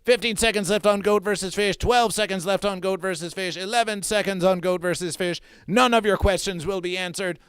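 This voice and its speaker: A man doing absurdist livestream comedy, auctioning merchandise in a theatrical, repetitive patter that swings into mock-mournful lows. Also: fairly even intonation, brisk, hardly any pauses, fairly bright tone, clear, resonant tone, dry recording.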